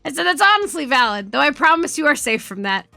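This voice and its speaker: A woman streamer chatting casually with her viewers, her voice high and bright. She swears freely and laughs through her story. The sound is dry and close, with faint music underneath. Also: big pitch swings, fast talker, vocal fry, dry recording. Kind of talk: casual chat.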